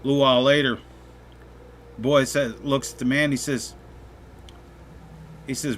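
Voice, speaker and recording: A man hosting a gaming channel, telling a joke in a relaxed, folksy way over gameplay. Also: mid-range voice, normal speed, pauses often, a little hiss or hum. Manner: folksy, relaxed storytelling with restarts.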